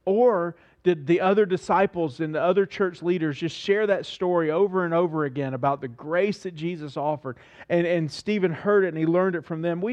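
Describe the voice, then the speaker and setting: A man's voice: fairly high pitch, a little mellow, dull audio. A man preaching a sermon as pastor, speaking earnestly, asking his listeners questions and repeating phrases for emphasis.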